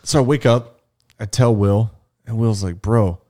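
Low-voiced man telling a profane story. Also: steady tone, moderate pace, mellow. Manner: profane, storytelling with acted-out quotes. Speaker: podcast co-host. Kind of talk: casual chat.

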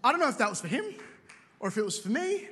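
A high-pitched man preaching in a church auditorium. He tells jokey stories and throws in quick asides, and his voice trails off in a long hall reverb. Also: big pitch swings, sharp tone. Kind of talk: sermon.

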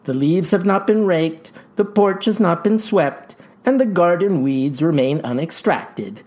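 A man voicing a stern, pompous farm father lecturing his son in high-flown words. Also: lively intonation, a little slow, a little mellow.

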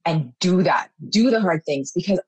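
A woman's voice: on the low side, lively intonation, moderate pace, husky, dry recording, rough recording. A mother speaking as an interview guest, sharing her story in a heartfelt, openly emotional way. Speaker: mother and program participant, guest. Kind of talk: personal testimonial in an interview.

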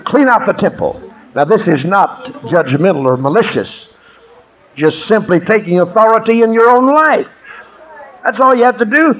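A man preaching a lively sermon to a congregation, calling out for praise and answers. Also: sits high, moderate pace, dull audio. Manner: exuberant call-and-response preaching, shouts and laughs. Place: church sanctuary.

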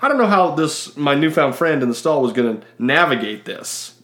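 A man in his forties from Utah, co-hosting a podcast and telling a story in a casual, animated way with frequent laughs. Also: on the high side, moderate pace, roomy sound. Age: 40s. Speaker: podcast co-host.

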